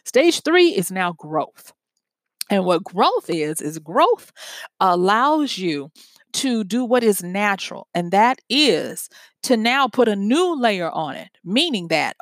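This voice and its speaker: A woman giving a motivational talk in a steady, mid-pitched voice. She speaks earnestly and conversationally, working through everyday examples. The sound is dry and close, with no room echo. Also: takes it slowly.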